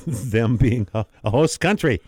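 A man's voice: medium pitch, lively intonation, unhurried, a little mellow, breathy edge, no room sound. A man in casual conversation, chatty and anecdotal, acting out little quoted exchanges as he talks. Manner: chatty storyteller, acts out quoted voices with laughs.

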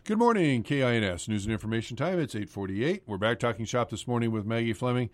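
A man hosting a morning radio news interview, talking haltingly with many fillers and restarts. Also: mid-range voice, animated, no room sound, clean studio sound.

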